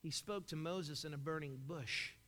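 A man's voice: fairly high pitch, normal speed, fairly bright tone. A man preaching a sermon, emphatic and full of rhetorical questions. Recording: long hall reverb.

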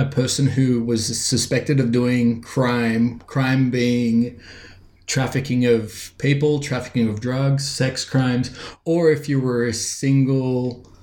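Man, casual podcast chat, halting with fillers, echoey room. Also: medium pitch, a little mellow. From born outside the US. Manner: rambling, frequent fillers and restarts. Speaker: podcast co-host.

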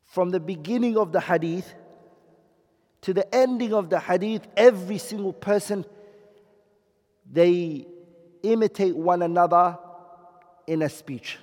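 A man lectures to a class in a fairly high voice, slowing down to explain and pausing to ask if everyone follows. His voice rings with long reverb from a large room. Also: darkish tone. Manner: explains slowly, checks understanding with questions. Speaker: teacher.

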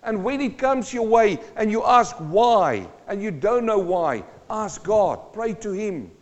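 A man's voice: high voice, lively intonation, takes it slowly. A pastor preaching a sermon, emphatic and repetitive, asking his congregation rhetorical questions. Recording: dull sound with long hall reverb.

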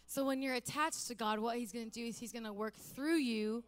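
A woman's voice: a little high, a little fast, clean tone. A woman pastor giving a conversational, humorous sermon that builds to emphatic repeated phrases.

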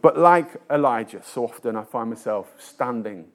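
A man's voice: medium pitch, animated, moderate pace. A man preaching a sermon in a conversational storytelling way, with frequent hesitations and restarts and a self-deprecating tone.

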